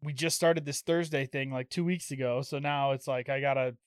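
A man's voice: medium pitch, steady tone, fairly quick, smooth, no echo, clean studio sound. A young man co-hosting a podcast, chatting casually and rambling with lots of fillers and frequent laughs. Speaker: podcast co-host. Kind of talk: casual chat. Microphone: studio microphone.

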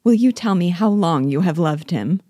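A woman reading the part of a gentle, earnest young elder sister in an audiobook-style reading, sounding tender and easily astonished. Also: lowish voice, expressive, normal speed, no room sound, studio quality.

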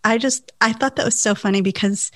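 A woman's voice: a little high, fairly quick, fairly bright tone. A woman co-hosting a casual chat, telling amused asides about the episode. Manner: chatty, amused, storytelling asides. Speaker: podcast co-host.

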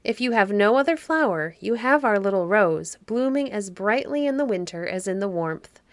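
A woman's voice: medium pitch, animated, normal speed, dry recording, natural voice. A woman reading aloud, voicing a kind, patient king in a fairy story with a cheerful manner. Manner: cheerful and gentle.

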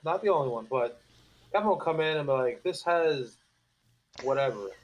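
Animated storytelling man. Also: fairly high pitch, quick pace, a little hiss or hum, rough recording. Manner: animated storyteller, acts out coworkers' voices. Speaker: cigar company guest. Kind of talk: casual podcast chat.

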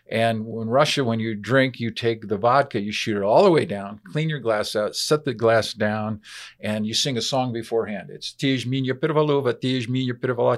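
Animated older man telling a story. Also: on the low side. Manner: animated anecdote-telling, acts out voices. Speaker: guest, biblical archaeologist. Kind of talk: storytelling in a podcast interview.

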